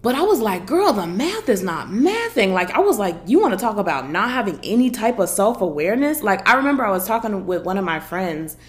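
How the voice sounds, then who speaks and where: Talking fast with hardly any pauses, a woman with a mid-range voice and big pitch swings hosts a podcast. Her casual opinion chat is sassy, blunt, and profane, packed with energetic storytelling.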